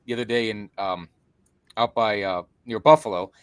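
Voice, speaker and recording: A male podcast co-host talks in a casual, halting way, often restarting and repeating words. His voice sits a bit low, and the recording is dry and close. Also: steady tone, clear, resonant tone, no room sound. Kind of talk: casual interview chat.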